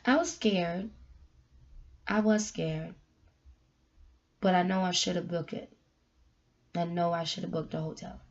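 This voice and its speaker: A woman giving a candid, emotional personal message, moving between soft, quiet lines and loud, emphatic ones. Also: on the low side, steady tone, measured pace, long pauses, highs cut off. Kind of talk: heartfelt personal talk, sermon-like.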